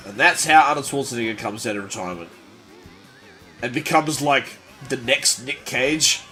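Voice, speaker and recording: Man doing a gruff action-movie hero, thick put-on accent, slow trailer announcing, lower than his own voice, faint music behind. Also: animated, sharp tone. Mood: mock-dramatic. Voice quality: thick put-on foreign accent, self-admittedly bad.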